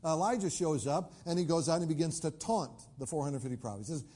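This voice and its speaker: Male pastor, sermon storytelling, lots of uh fillers, fairly high mellow voice. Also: quick pace.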